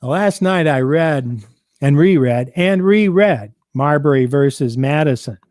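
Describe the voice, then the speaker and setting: A man hosting a civics program, reading out and explaining a state constitution in a measured, deliberate way. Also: fairly high pitch, animated, darkish tone, no echo, clean studio sound. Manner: measured, deliberate, quotes documents aloud.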